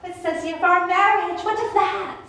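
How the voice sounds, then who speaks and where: A woman's voice: extremely high pitch, steady tone, normal speed, a bit bright. A woman playing an eager, impatient young girl in love in a live Shakespeare stage performance, pleading and restless, recorded from far off with echo. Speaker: stage actor. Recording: echoey, distant camera mic, faint noise.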